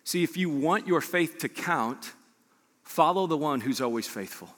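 A man preaching a sermon as pastor, animated and conversational with joking asides to his church. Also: a little high, unhurried. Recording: long reverb of a large hall.

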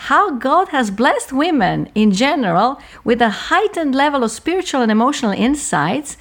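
Woman interviewer, kinda high voice that moves around a lot, formal and measured, reads a quote out. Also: big pitch swings. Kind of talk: interview questions, partly read.

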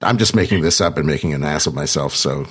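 Deep husky-voiced man hosting. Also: fast talker, a bit bright. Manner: jokey, rambling, self-deprecating. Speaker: podcast host. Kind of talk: conversational podcast interview.

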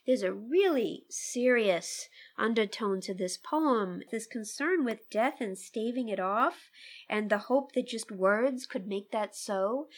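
A woman discussing a poem thoughtfully and reflectively with a colleague, letting her voice soften at the ends of her thoughts. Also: a little high. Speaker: interviewer and literature scholar. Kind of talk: conversational discussion.

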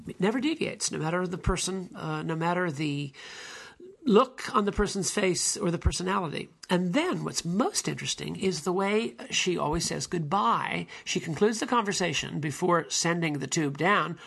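A man's voice: on the high side, moderate pace, vocal fry, a bit bright, husky. A man giving a spoken lecture on language in a musing, digressive way, now and then mimicking how people intonate.

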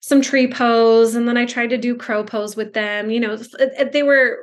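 A woman's voice: on the high side, steady tone, moderate pace. A woman, a speech-language pathologist, telling stories in casual conversation, chatty with fillers and restarts, over a video call. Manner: chatty, many fillers and restarts, acts out quotes.

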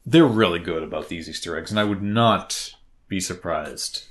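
A man with a Boston accent talks casually on a podcast in a low, deep voice. He is excitable and rambling, restarting his sentences as he goes. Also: normal speed. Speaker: podcast co-host. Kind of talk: casual chat.

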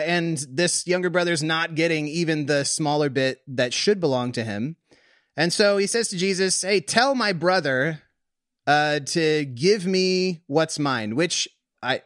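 A man's voice: medium pitch, moderate pace, a bit bright, dry recording, studio quality. A man co-hosting a podcast, talking casually through a Bible story with many fillers and restarts. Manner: chatty, full of fillers and restarts. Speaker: podcast co-host. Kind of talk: casual conversational Bible discussion.

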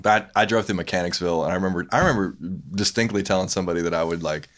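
A South Louisiana man, likely in his thirties, talks as a guest in a casual chat, telling loose, profane stories and mimicking voices. His voice is deep and fairly bright, and he speaks very fast.

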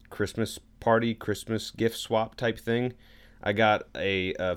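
A young man co-hosting a casual podcast, relaxed and joking. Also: on the low side, clean tone. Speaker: podcast co-host. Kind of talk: casual chat.

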